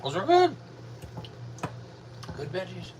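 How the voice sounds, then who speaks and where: A man sitting at the dinner table, giving short, low-key replies while he eats. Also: wildly swooping pitch, slow, a little hiss or hum. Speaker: co-host and partner at the table. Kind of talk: casual chat while eating. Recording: distant mic with loud kitchen clatter.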